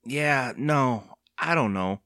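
A man's voice: mid-range voice, animated, takes it slowly, pushed and bright, no room sound, clean studio sound, pitched above the performer's own voice. A man voicing a bruised young boy in a storybook reading, groaning and glum. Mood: hurt.

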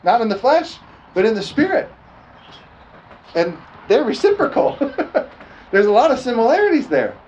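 A male preacher delivering a sermon in church, animated, often chuckling and calling out "amen?" to the congregation. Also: very high voice, a little slow, pauses often, muffled recording, a little hiss or hum. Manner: animated, chuckling, frequent call-and-response "amen?". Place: church service, also streamed online.

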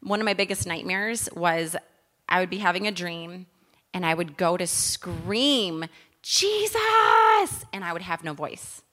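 Bright-voiced woman sharing a church testimony. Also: lowish voice, normal speed. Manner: lively, chatty, earnest. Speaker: women's ministry speaker.

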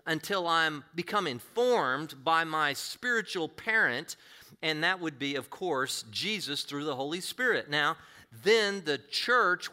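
A man's voice: fairly high pitch, bright, forceful tone. A man preaching a sermon as a pastor, earnest and conversational, often posing rhetorical questions to his listeners.

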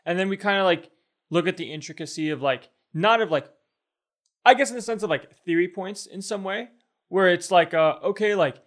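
A man's voice: high voice, brisk. A man co-hosting a casual talk show, rambling and thinking aloud with many fillers. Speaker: podcast co-host. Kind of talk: casual chat.

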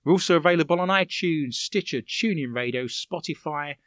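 A man's voice: a little high, brisk, a bit bright, no room sound. A man with a Romford English accent hosting a comedy radio show in a studio, joking as he reads out listener messages. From England.

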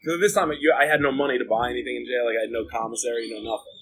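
A man's voice: medium pitch, steady tone, rapid-fire, fairly bright tone, a little hiss or hum, poor audio. A man being interviewed, telling his own story in a blunt, profane, rambling way with lots of filler words. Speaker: interview guest. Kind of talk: candid storytelling about jail and addiction.

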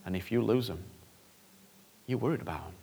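A man's voice: fairly low pitch, brisk, creaky, warm tone, slightly rough. A male preacher giving an earnest, conversational sermon that often repeats phrases for emphasis.

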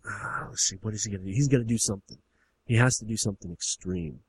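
Brief: lowish husky man musing over ideas, dry close sound. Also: quick pace. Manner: hesitant, thinking aloud. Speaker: co-writer. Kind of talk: casual story brainstorm.

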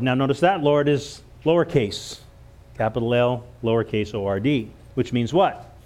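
A man's voice: mid-range voice, moderate pace, darkish tone. A man preaching a church sermon, earnest, stumbling over and repeating words as he goes. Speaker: pastor.

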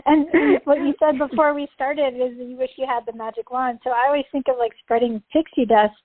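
A woman's voice: high voice, steady tone, fairly quick, no echo. A woman guest, a riding instructor, chatting in an interview, laughing often and acting out little scenes as she talks. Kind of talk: casual interview talk. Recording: thin phone-like call audio.

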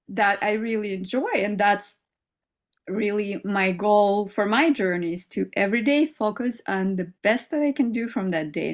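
An earnest, upbeat woman talking openly as an interview guest. Her voice sits at a middle pitch, and she speaks in a casual, heartfelt way, with frequent fillers and easy laughter. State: mother.

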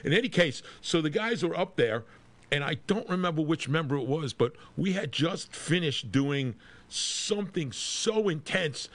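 A man's voice: a little high, lively intonation, moderate pace. A man who plays in a rock band, telling a rambling road story and laughing often in a casual podcast conversation.

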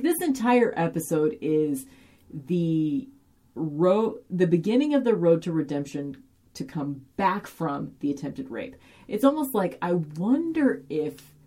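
Low-voiced, chatty woman recapping a show. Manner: chatty and animated, heavy fillers and occasional swearing. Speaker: podcast host recapping a TV episode. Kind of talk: casual chat.

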